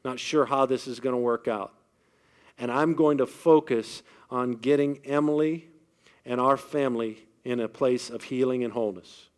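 A middle-aged man preaching a sermon, telling personal stories and moving between hushed, quiet passages and loud, emphatic ones. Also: mid-range voice, steady tone, moderate pace, clean tone. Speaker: pastor.

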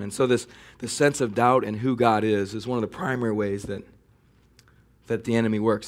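A man preaching a sermon in a conversational way, building to animated emphasis. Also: on the low side, brisk. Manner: conversational preaching, animated when mocking enemy taunts. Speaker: pastor.

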